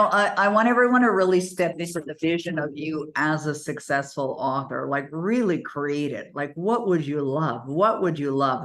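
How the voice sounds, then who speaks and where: A woman author coach from Canada, hosting and telling casual anecdotes with animated acted-out dialogue. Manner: animated, acts out dialogue with big pitch jumps. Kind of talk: casual storytelling talk.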